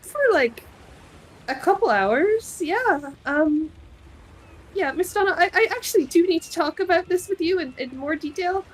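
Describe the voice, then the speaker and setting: A woman's voice: very high voice, expressive, voice pushed up, poor audio. A woman playing an anxious, stammering young adventurer. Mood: hesitant. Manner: halting, apologetic, stammering. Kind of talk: tabletop in-character roleplay.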